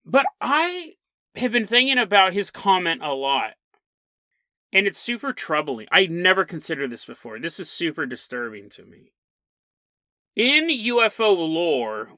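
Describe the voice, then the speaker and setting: A man hosting a podcast, telling a strange story in a chatty, animated way. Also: on the high side, no echo. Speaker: podcast host. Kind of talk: casual solo podcast monologue.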